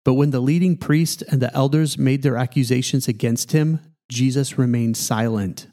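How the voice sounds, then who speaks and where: A man, a pastor, reading scripture aloud in a steady, measured way. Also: mid-range voice.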